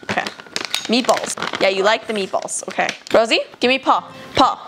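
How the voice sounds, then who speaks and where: Bubbly young woman vlogger, high voice. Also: normal speed, loud music behind the voice. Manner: bubbly, squeals high baby talk at her dog. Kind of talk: casual vlog chat.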